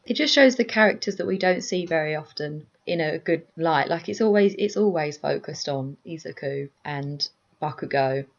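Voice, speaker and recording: A woman's voice: sits low, lively intonation, moderate pace, gravelly, hardly any pauses. A woman co-hosting a podcast, chatting in an easygoing way about an episode. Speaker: podcast co-host. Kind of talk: casual recap chat. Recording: dull lo-fi recording.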